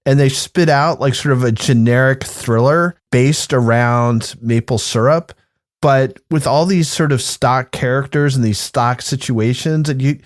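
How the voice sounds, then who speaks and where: A man's voice: medium pitch, measured pace, no room sound, clean studio sound. A man co-hosting a podcast in casual chat, musing and hedging as he talks. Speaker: podcast co-host.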